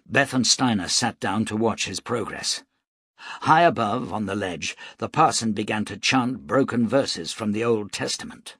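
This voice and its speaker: A man reading an action novel aloud as an audiobook narrator, steady and dramatic. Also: on the low side, measured pace, breathy edge, dry recording, clean studio sound. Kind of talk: scripted narration.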